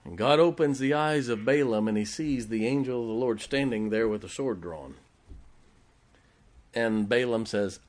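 A man's voice: mid-range voice, moderate pace, darkish tone. A man preaching a sermon, retelling a Bible story in a folksy way and chuckling often as he goes.

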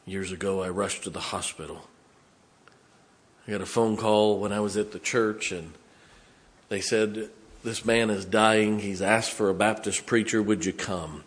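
A man, preaching a sermon as a pastor, swinging from loud to hushed. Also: lowish voice, fairly even intonation, unhurried.

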